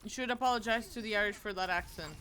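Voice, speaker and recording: A woman's voice: medium pitch, fast, sharp tone, slight background noise. A woman from Portugal, chatting casually and teasing her viewers while streaming a game, swearing freely. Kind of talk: casual gaming stream chat.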